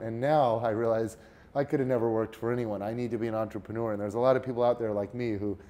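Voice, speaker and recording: Animated man telling stories, mellow voice. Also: medium pitch, quick pace. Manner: animated, restarts words often. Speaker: podcast guest, fitness entrepreneur. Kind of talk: casual interview storytelling.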